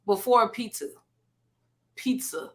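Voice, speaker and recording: A woman's voice: fairly high pitch, slow pace. A woman hosting a casual reaction commentary, making blunt, sassy asides to her chat. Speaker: commentary host.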